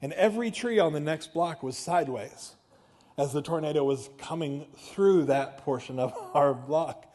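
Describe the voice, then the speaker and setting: Pastor guy preaching, kinda high voice, goes from hushed to yelling when he tells a story. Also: moderate pace. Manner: animated storytelling, swinging from quiet to shouting. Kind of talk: sermon. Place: church sanctuary.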